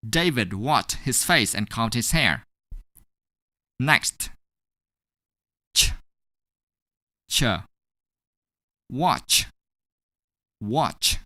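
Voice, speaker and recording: Slow, deliberate woman teaching pronunciation. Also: very deep voice, a bit bright, dry recording, studio quality. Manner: slow, deliberate, over-articulated sounds. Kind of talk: scripted online lesson.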